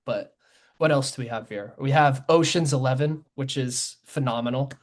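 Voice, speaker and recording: A man's voice: mid-range voice, moderate pace. A young man co-hosting a podcast, chatting loosely about films, rambling with many fillers and self-corrections. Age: young adult. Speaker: podcast co-host. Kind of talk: casual film chat.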